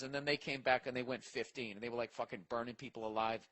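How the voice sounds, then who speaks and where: A man's voice: mid-range voice, flat delivery, fast talker, hardly any pauses, a bit bright, rough recording. A man hosting a comedy podcast, ranting profanely and rambling as he reacts to listener mail. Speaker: podcast host. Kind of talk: casual comedic podcast rant.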